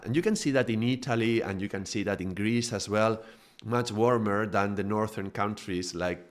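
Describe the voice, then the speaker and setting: A middle-aged man from Spain with a strong Spanish accent, a native Spanish speaker, giving a casual live-streamed talk as a spiritual teacher. He tells stories in a quick, animated way, laughing often and restarting his sentences. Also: on the low side.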